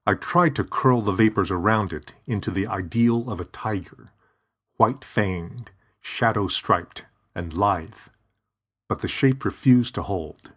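Male narrator, low and husky, reading steadily. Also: measured pace, a bit bright. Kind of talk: scripted narration.

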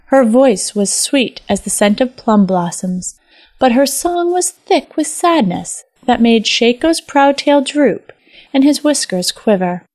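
A woman's voice: a little high, expressive, a little mellow, no echo. Woman reading a fairy tale, dry sound. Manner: measured, lyrical storytelling. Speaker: storyteller. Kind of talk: scripted narration.

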